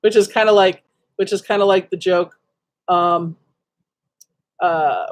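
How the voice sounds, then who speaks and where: A woman's voice: lowish voice, slow, long pauses. A woman chatting casually to her viewers in front of a webcam at home, telling a rambling story padded with lots of ums and likes. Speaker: livestream host. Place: dim room at home.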